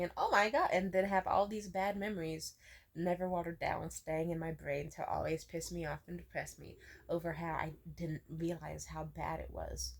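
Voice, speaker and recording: Young woman vlogger, low husky voice, ranting and swearing. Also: darkish tone. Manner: venting, swearing, questioning herself aloud. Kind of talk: emotional personal rant.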